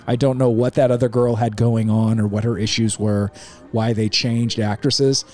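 A man casually ranting about a film on his show, animated and mocking, with a faint music bed. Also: medium pitch, moderate pace. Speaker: podcast host reviewing a film. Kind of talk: casual opinionated chat.

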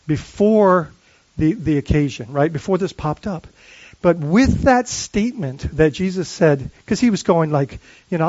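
High-voiced earnest male pastor. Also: mellow, dry recording, muffled recording. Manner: earnest, with rhetorical questions and frequent restarts. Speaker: lead pastor. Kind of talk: sermon.

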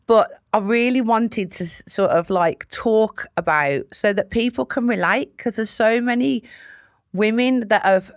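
A woman's voice: fairly high pitch, measured pace, no room sound, studio quality. A woman comedian chatting as an interview guest, blunt and sweary with a self-mocking edge. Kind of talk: casual chat.

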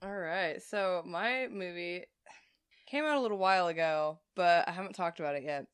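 A woman's voice: lowish voice, moderate pace, smooth, no room sound. A woman co-hosting a podcast, talking casually and emphatically, swearing as she makes her points. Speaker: podcast co-host. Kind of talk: casual chat.

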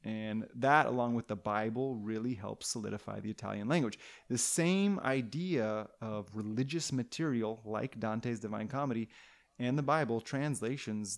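A man hosting a podcast, telling a history story in casual chat, playful and rambling with restarts and tangents. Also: on the low side.

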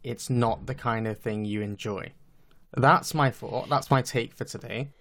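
A man's voice: medium pitch, steady tone, measured pace, fairly bright tone. A man co-hosting a podcast over a remote call, joking and swearing casually while eating. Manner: joking, swears freely, eats while talking. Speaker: podcast co-host. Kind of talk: casual chat. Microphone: own microphone, remote call.

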